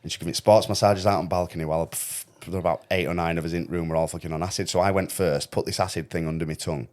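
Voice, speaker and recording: A man's voice: deep voice, very fast. A young man, hosting a podcast and telling a wild story in casual, swear-laden chat. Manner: swearing, animated storytelling with quoted voices. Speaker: podcast host.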